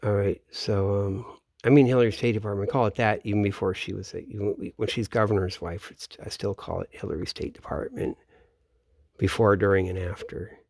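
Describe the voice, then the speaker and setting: A man's voice: fairly low pitch, fairly even intonation, brisk, gravelly, a little mellow, no room sound, clean studio sound. A man vlogging in a meandering, profane casual monologue, often trailing off and restarting sentences. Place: home in Florida, at night.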